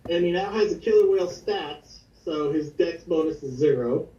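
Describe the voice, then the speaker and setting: A man's voice: fairly high pitch, normal speed, mellow. A man playing in a tabletop game, eagerly laying out his plans at length. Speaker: player. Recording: dull, roomy, distant mic.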